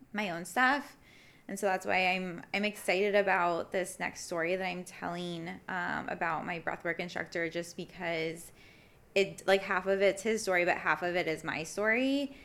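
A woman's voice: fairly low pitch, a bit bright. A young woman in casual conversation, talking reflectively with many fillers and restarts. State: briefly emotional. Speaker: podcast guest.

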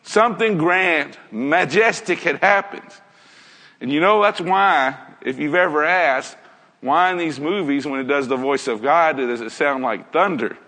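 A man's voice: fairly high pitch, a little slow, bright, forceful tone, in a large hall. A man preaching a sermon in an earnest way, putting many rhetorical questions to his listeners.

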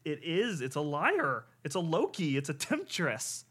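An earnest man talks candidly on a podcast, circling back and restarting as he searches for words. His voice sits a little high for a man. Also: wildly swooping pitch, a little slow, fairly bright tone, breathy edge. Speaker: podcast co-host.

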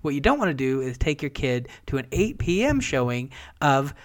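30s guy joking around on a podcast, wry, smooth clean voice, dead dry sound. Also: mid-range voice, very animated, no echo. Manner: wry, joking, drawn-out asides. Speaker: podcast co-host. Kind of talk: casual chat.

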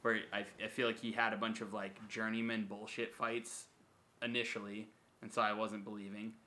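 A man's voice: on the low side, little pitch movement, moderate pace, sharp tone. A man hosting a casual podcast chat, emphatic and opinionated, swearing freely. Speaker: podcast host.

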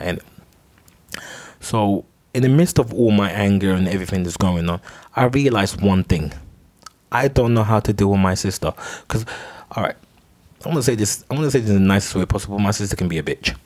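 A young man tells a solo podcast story in a very low voice, stumbling over repeated words and swearing as he goes. The recording is dry and close, with no room sound around him. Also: a little fast, a little mellow, dry recording. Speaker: podcast host.

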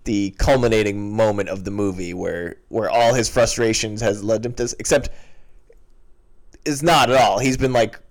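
A man co-hosting a film podcast in casual chat, measured and hesitant, often pausing on "uh". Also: on the low side. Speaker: podcast co-host.

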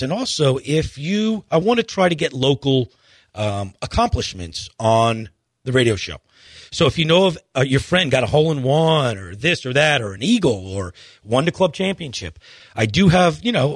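A man's voice: mid-range voice, no room sound, studio quality. A man hosting a golf radio show, pleading earnestly in a rambling rant full of restarts. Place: radio studio.

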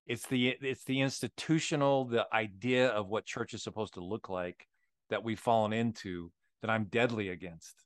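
Speaking at a normal speed in a fairly low, steady voice, this man co-hosts a casual faith podcast. He shares stories candidly and keeps adding "right?", with no echo on the recording.

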